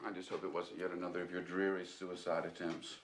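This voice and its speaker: A man's voice: deep voice, flat delivery, fast, lightly acted. An actor playing a dry, sardonic man in a film clip, with noise in the sound. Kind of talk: film dialogue.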